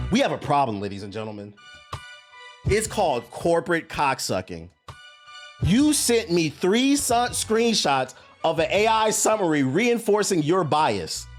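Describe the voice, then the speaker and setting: A man's voice: a little high, big pitch swings, a little slow, faint music behind. A man streaming live, ranting at his viewers in a heated, mocking and profane way.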